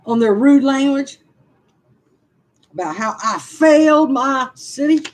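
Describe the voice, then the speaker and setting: Slow-talking older woman venting. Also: high-pitched, poor audio. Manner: frustrated, sighing, speaks to chat. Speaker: vlogger on a live stream. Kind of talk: casual live-stream venting.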